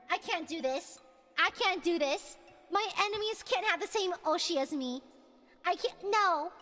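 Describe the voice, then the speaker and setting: A woman hosting a casual livestream and reading chat, with dramatic, shouty mock outrage and playful insults. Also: very high-pitched. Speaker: streamer host reading chat. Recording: long reverb with music behind.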